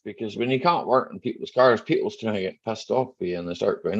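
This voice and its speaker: A middle-aged mechanic hosts a rambling, joking livestream chat, greeting viewers by name. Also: male voice, on the low side, a little fast, vocal fry. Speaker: mechanic hosting a live chat stream. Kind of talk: casual livestream chat reading viewer comments. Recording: dull lo-fi stream audio.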